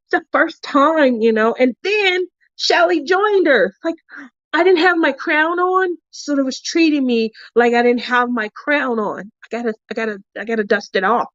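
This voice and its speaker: Animated high-voiced woman storyteller. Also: normal speed, dry recording, dull audio. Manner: animated, acts out dialogue with big pitch jumps, laughs often. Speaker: craft channel host. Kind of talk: casual storytelling to live viewers.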